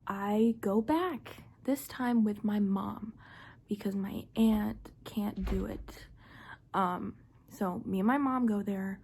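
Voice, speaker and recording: A young woman with a husky, gravelly voice tells a personal story in a casual, chatty way. Her tone is dark and mellow, she leans on "like" a lot, and she often drops into a half-whisper. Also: mid-range voice. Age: young adult. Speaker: vlogger.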